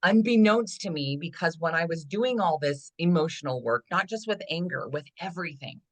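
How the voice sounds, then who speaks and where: A woman with a notably low voice, speaking as a podcast guest over a call. She talks in an animated storytelling way and slips into the voices of the people in her stories. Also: normal speed. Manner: animated storytelling, acting out dialogue. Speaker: guest, body trust coach. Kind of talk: casual podcast conversation.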